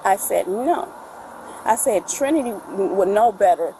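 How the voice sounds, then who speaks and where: A woman's voice: mid-range voice, lively intonation, measured pace, dark tone, a little hiss or hum, rough recording. A middle-aged woman recounting a family fight to a police officer, talking at length and quoting what everyone said, caught on a body camera. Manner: talkative, retells quoted dialogue at length. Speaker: mother making a police report.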